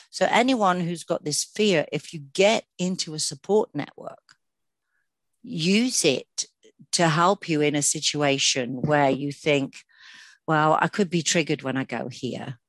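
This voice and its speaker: Low-voiced woman co-hosting a podcast. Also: measured pace, no echo. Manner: earnest, chatty, many fillers and restarts. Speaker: podcast co-host. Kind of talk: casual podcast chat.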